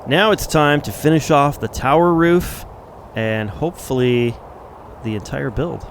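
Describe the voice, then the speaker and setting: A man's voice: mid-range voice, unhurried, a little hiss or hum. Man thinking aloud over a build. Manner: thinking aloud, rambling, self-correcting. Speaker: gameplay commentator. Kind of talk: casual gameplay commentary.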